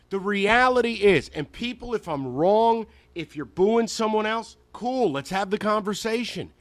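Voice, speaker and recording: Animated, sarcastic sports radio host. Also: male voice, sits high, no echo. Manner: animated, sarcastic, emphatic ranting. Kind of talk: sports talk radio rant. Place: radio studio. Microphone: studio microphone.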